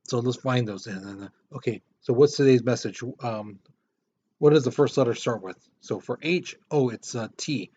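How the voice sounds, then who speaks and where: A male history teacher lecturing a class in a relaxed, conversational way. His voice sits at an ordinary middle pitch. The recording is a little dull and lo-fi. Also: normal speed. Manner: casual, conversational explaining with repetitions.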